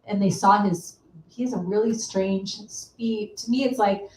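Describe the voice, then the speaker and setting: A woman's voice: mid-range voice, fairly even intonation, unhurried, darkish tone, a little hiss or hum. A woman co-hosting a casual chat, telling stories in a chatty, laughing way. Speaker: co-host. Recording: roomy, distant mic.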